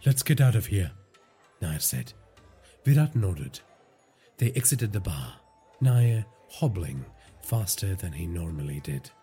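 A man narrating a crime story in a measured, dramatic storytelling manner. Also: low voice, dark tone, breathy edge.

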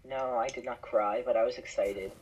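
A teenage boy co-hosting a casual podcast, speaking slowly and deliberately. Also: mid-range voice, steady tone, slightly rough, low-quality recording. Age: teens. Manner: slow and deliberate. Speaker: podcast co-host. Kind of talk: casual chat.

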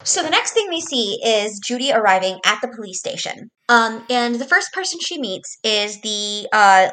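Woman walking thru movie scenes, bright clear voice, um and uh a lot. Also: a little high, very animated, moderate pace, poor audio. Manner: recaps scenes step by step with fillers. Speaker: podcast co-host. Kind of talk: casual movie discussion.

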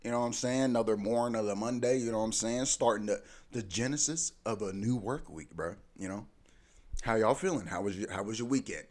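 A man's voice: fairly low pitch, brisk, darkish tone. Loose, slangy man hosting a podcast. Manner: loose, playful, repetitive slang-heavy talk. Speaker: podcast host. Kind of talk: casual ranting monologue.

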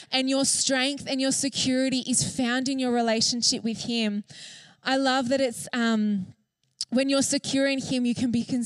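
Una mujer joven predica con entusiasmo y franqueza, con muchas muletillas y frases sueltas. Su voz es algo aguda y seca, sin eco de sala. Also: female voice, fairly high pitch, dry recording. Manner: earnest and enthusiastic, many fillers. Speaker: church speaker. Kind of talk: sermon.

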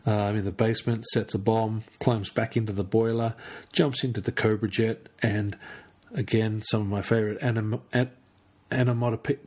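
Husky-voiced man rambling through a podcast. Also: lowish voice, steady tone, moderate pace, a little mellow. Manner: rambling, stumbles over words, many fillers. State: tired, late at night. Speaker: podcast host. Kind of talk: solo casual podcast chat.

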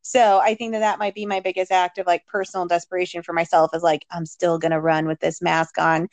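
A woman co-hosting a casual chat, talking in a relaxed, reflective way with filler words. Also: fairly low pitch, fairly quick, dry recording.

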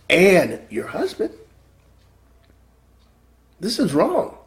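Emphatic preacher man, lively pitch. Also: unhurried, pauses often. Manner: emphatic, repeats phrases, swings between loud stresses and quiet drops. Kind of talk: sermon.

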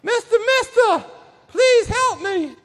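A man putting on a pleading male snake with a high, whining squeak that sounds close to tears. The voice rings out in a big echoey hall, soft and whiny rather than loud. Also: expressive, slow pace, faint music behind, heavily acted.

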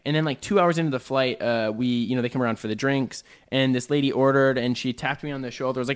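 Animated storytelling man, mid pitch. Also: quick pace, hardly any pauses, clear, resonant tone. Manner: animated storytelling, lots of fillers. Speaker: podcast co-host. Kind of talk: casual podcast chat.

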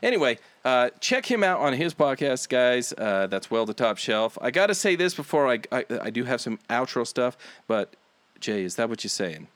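Male podcast host, casual and rambling, animated delivery, dry recording. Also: mid-range voice, moderate pace, no room sound. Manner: laid-back, rambling, swears casually.

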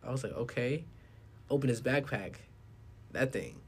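A young man chatting casually, telling a story with frequent laughter, drifting between low mumbling and loud laughing bursts. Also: sing-song, fairly quick, husky. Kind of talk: casual chat.

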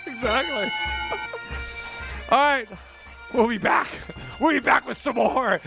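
A man's voice: very high-pitched, slow pace, gravelly, pauses often, sharp tone, soft background music. A man hosting a sports talk radio show, playful and jokey, reading ads between segments. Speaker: radio host.

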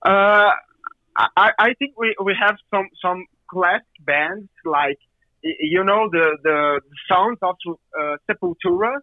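A Brazilian man with a Brazilian Portuguese accent speaks slowly, stumbling and repeating words as he hunts for the next one. His voice sits fairly high for a man. It comes through a dull, lo-fi phone line. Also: dry recording. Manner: halting, repeats words while searching for them. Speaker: guest musician. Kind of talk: casual interview.

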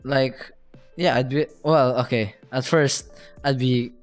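A talkative young man chats on a podcast, laughing often and replaying his own reactions in quoted asides. His voice is smooth and clear at a middle pitch, with faint music in the background. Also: fairly even intonation, takes it slowly. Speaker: podcast co-host. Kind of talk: casual chat.

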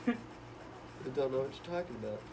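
A man's voice: mid-range voice, expressive, moderate pace, noisy background. A young man in casual, joking chat who laughs often. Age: young adult.

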